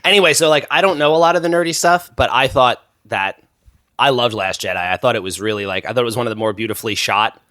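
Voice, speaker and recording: A man in his thirties talks casually as a guest, circling through his stories with plenty of fillers and false starts. His voice sits at a middling pitch and is recorded close and dry, with no room sound at all. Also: fast, sharp tone, no room sound. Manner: rambling storyteller, many fillers and restarts. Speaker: podcast guest, musician. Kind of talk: casual chat.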